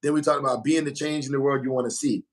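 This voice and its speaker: On a casual livestream, a male host with a medium-pitched, steady voice talks quickly in an emphatic, slangy way, repeating phrases to drive points home. The audio quality is poor.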